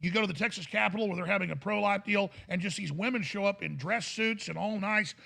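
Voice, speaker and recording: A man hosting a talk show, ranting fervently and bursting into shouted impressions. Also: high-pitched, quick pace, vocal fry. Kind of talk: impassioned talk show rant.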